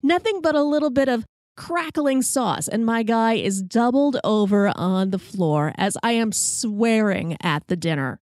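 A woman's voice: on the high side, a little slow, a little mellow, no echo. Woman host spinning a comic kitchen tale, self-mocking and wry, dry close mic. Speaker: podcast host. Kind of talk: comic personal storytelling.

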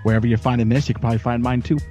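A man's voice: medium pitch, little pitch movement, rapid-fire, warm tone, faint music behind. A man as a podcast guest in casual chat, opinionated and rambling with frequent restarts. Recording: dull lo-fi call audio.

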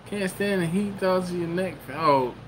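A man's voice: high voice, measured pace, background noise. Chatty man reading viewer comments. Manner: reads viewer comments aloud and riffs on them. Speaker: host. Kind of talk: casual live-stream chat. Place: home kitchen.

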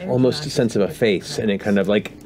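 A man's voice: on the low side, quick pace, noisy background. A man narrating and describing scenes as game master of a tabletop game, often breaking into laughter.

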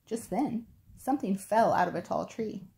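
A woman reading a picture book aloud to preschoolers, gentle and expressive. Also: medium pitch, normal speed, creaky. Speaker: preschool storytime reader.

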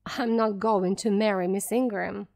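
A woman voicing a grown male gentleman who speaks earnestly and gently, in a storybook read for English learners. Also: medium pitch, steady tone, unhurried, creaky. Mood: tender.

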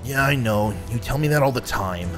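A man's voice: mid-range voice, expressive, moderate pace, music in the background, lightly acted. Man as a whiny teen superhero boy. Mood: sulky. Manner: whiny, complaining, petulant. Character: sulky teenage superhero boy, angry and defiant.

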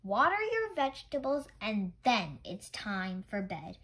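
A woman's voice: medium pitch, big pitch swings, unhurried, poor audio. Patient old grandfather, read by a woman. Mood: coaxing. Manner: coaxing, repeating gently.

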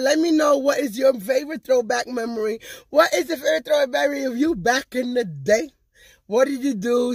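A woman's voice: high voice, breathy edge, no room sound. Talkative woman vlogger, casual and chatty to camera, close dry sound. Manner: chatty, talkative, loves to gab. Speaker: vlogger and channel host. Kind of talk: casual vlog chat to viewers.

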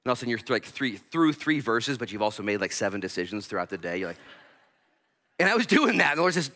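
A male pastor preaching a sermon, animated, acting out little voices and bursting loud at times. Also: medium pitch, fast talker. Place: church sanctuary.

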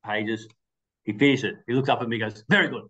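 Fast-talking man telling stories. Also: fairly low pitch, lo-fi sound. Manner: animated anecdotal storytelling with quoted dialogue. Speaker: webinar presenter. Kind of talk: storytelling presentation.

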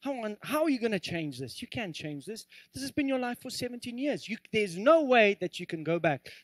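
A taunting devil, put on by a man mid-sermon, hurls accusations in a sneering, scornful manner. The voice sits close and dry, with a raised, bright edge. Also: high voice, very animated, a little fast, no room sound, voice pushed up.

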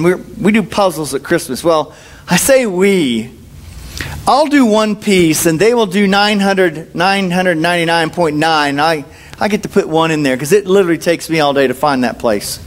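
A man preaching a sermon at a church service in a humorous, conversational way, telling stories and acting out the dialogue in changing voices. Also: high-pitched. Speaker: pastor.

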